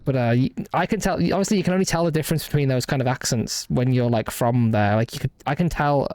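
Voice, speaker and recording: A man's voice: mid-range voice, fast talker, a little mellow, dry recording. A young man with a light Midlands accent, rambling casually as a streamer commenting on a game, full of restarts. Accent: light Midlands English. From English Midlands. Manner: rambling, hesitant, many restarts. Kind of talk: casual let's-play commentary.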